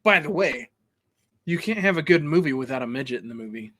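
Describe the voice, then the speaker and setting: A man's voice: fairly high pitch, lively intonation, fairly quick, fairly bright tone. A man co-hosting a film podcast in casual chat, agreeable and enthusiastic, egging his partner on. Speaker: podcast co-host.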